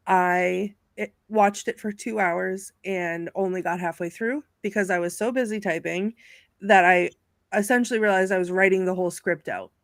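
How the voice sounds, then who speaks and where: A woman's voice: medium pitch, dry recording. A woman in casual chat on a movie panel, laughing often and reading aloud from her notes. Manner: giggly, animated, reads out notes.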